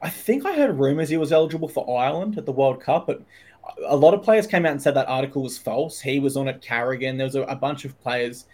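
A man co-hosts a casual sports podcast at a mid-range pitch, sounding conversational and frank. He steers the talk by putting questions to his co-host. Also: fast talker, a little mellow. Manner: conversational, leads the segment with questions, frank asides.

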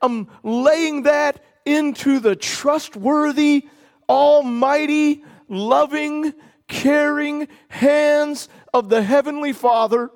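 A man preaching a sermon as pastor, earnest, stretching key words slowly for emphasis. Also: very high-pitched. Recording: long hall reverb.

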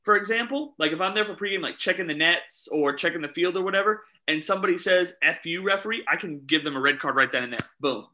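Casting: man, referee storyteller, very bright voice, a little high, animated, quotes people. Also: fast, hardly any pauses, slight background noise, poor audio. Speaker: youth soccer referee. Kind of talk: casual chat, storytelling.

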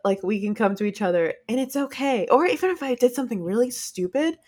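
A woman's voice: a little high, quick pace, slightly rough. Chatty woman co-hosting a podcast. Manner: chatty, laughs often, animated when retelling. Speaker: podcast co-host. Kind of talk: casual chat.

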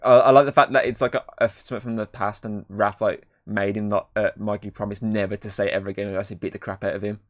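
A man's voice: fairly low pitch, level tone, quick pace, few pauses. A young man chatting casually as a film reviewer, rambling with lots of fillers and swearing. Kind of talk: casual podcast chat.

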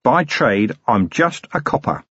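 A tough, wry police commander who talks with dry authority, as a male reader acts him out. His speech is sardonic and lively in pitch. The recording is dry and lo-fi, in storybook style. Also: measured pace, slightly rough, dry recording, full character voice. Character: gruff, wry middle-aged police commander.

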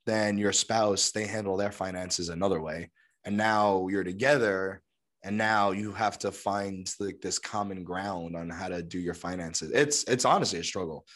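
A man's voice: fairly even intonation, moderate pace, fairly bright tone. A young adult man with a sore throat, chatting casually on a podcast with lots of fillers. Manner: rambling, lots of fillers, puts on high voices for quotes. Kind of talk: casual chat.

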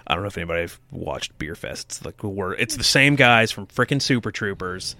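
A man's voice: fairly low pitch, bright, forceful tone, smooth, no room sound. A man co-hosting a casual podcast, joking and chatting loosely, breaking into silly put-on voices now and then. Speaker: podcast co-host. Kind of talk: casual chat.

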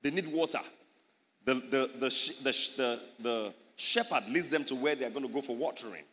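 A man's voice: mid-range voice, moderate pace, fairly bright tone. A man with a Nigerian English accent preaching a sermon, emphatic and teaching, acting out little scenes. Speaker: pastor. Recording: echoey hall.

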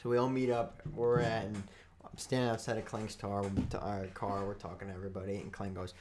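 A man's voice: fairly low pitch, little pitch movement, brisk, noisy background. A man co-hosting a podcast in casual chat, telling a rambling, joking story. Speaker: podcast co-host.

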